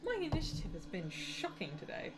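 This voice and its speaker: A woman player chatting casually at a tabletop game in an animated way. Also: high voice, a little fast, very noisy.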